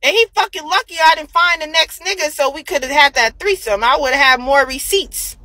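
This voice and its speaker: A woman's voice: high-pitched, fairly quick, bright, forceful tone, no echo, rough recording. A woman on a phone livestream, ranting heatedly and profanely, repeating herself for emphasis. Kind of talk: angry livestream rant.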